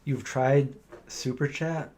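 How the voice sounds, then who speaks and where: A middle-aged man chats through a live viewer Q&A. His voice sits at an ordinary, mid-range pitch, and he wanders from story to story, slipping into the voices of the people he describes. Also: steady tone, slow, a little mellow, slight background noise. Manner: rambling anecdotal storytelling, acting out quoted voices. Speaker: live stream host answering viewer questions. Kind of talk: casual live Q&A chat.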